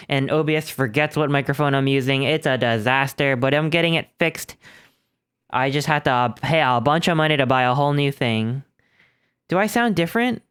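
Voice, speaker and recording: A man's voice: a little high, fairly bright tone, clear, resonant tone, no room sound, clean studio sound. A young man streaming from home into a desk microphone, rambling and joking about himself with lots of restarts. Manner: rambling, chatty, self-deprecating, with many restarts. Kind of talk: casual live-stream chat. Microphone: desk microphone through an audio interface.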